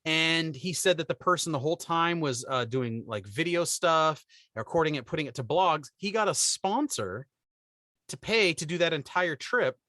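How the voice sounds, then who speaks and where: Bright-voiced man telling stories. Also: fairly high pitch, normal speed, no room sound, studio quality. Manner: animated storyteller, acts out quoted people. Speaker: podcast co-host. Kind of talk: casual chat.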